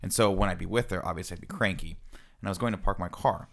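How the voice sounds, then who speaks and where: A man's voice: low-pitched, fast, creaky, fairly bright tone. A man in his thirties, a podcast co-host, telling a self-mocking story in casual chat. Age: 30s.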